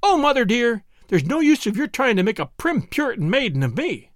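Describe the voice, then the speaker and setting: A man voicing a spirited, excitable young woman in an audiobook, with high, breathless exclamations. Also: fairly quick, no room sound, clean studio sound. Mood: excited.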